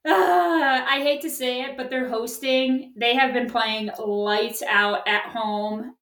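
A woman co-hosting a casual sports podcast, wry and quick to laugh. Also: on the high side, fairly even intonation, fairly bright tone, distant mic. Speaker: podcast co-host. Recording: echoey, off-mic.

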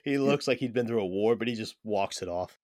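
A man's voice: lowish voice, brisk, a little mellow, dry recording, studio quality. A man co-hosting a podcast, chatting casually and enthusiastically about favorite comedy scenes, laughing often. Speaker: podcast co-host. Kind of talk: casual chat.

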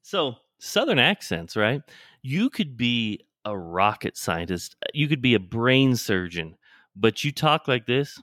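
A man's voice: mid-range voice, big pitch swings, slow pace, bright, forceful tone, no room sound. Hesitant man chatting, dry sound. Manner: hesitant, many fillers and restarts. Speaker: podcast co-host. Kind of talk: casual chat.

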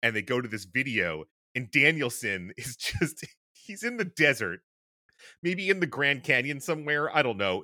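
A man in his thirties co-hosting a podcast, talking in a casual, animated way and laughing often. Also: medium pitch, no echo, clean studio sound. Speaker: podcast co-host. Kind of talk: casual chat.

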